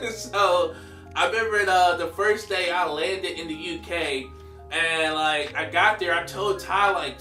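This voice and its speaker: A man in his thirties telling a story in a slangy, animated way, laughing often. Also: high-pitched, reverberant, far from the mic. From United States. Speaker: vlogger. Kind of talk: casual storytelling.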